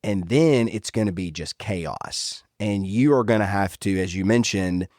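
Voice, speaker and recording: Male podcast host, low pitch, dry close sound, easygoing conversational. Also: unhurried, a little mellow, dry recording. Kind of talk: casual conversational interview.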